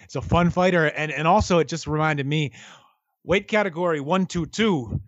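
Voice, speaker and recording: A high-voiced man chats about fights in a loose, halting way, stacking fillers and false starts and breaking into laughs. The room is dry and close, and the sound is a little dull and lo-fi. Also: dry recording. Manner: hesitant, many fillers and restarts, laughs easily. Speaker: boxing analyst co-host. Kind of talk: casual sports talk.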